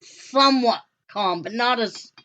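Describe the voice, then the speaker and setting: Hesitant, higher-voiced woman co-host. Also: unhurried. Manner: relaxed, hesitant, trails off with fillers. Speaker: radio show co-host. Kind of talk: casual chat. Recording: dull lo-fi podcast audio.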